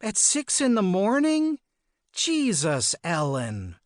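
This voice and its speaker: A man voicing a short-tempered mother in her thirties, with a harsh, loud voice and sarcastic, snappish delivery. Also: mid-range voice, wildly swooping pitch, slow, dry recording, studio quality, voice pushed up. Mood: groggy, irritated. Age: 30s.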